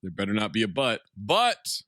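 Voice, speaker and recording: A man's voice: fairly low pitch, wildly swooping pitch, moderate pace, bright, forceful tone, no echo. Dry-voiced man recapping a movie. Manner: plot-summarizing, dry jokey asides. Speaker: podcast host recapping a film. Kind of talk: casual movie recap podcast.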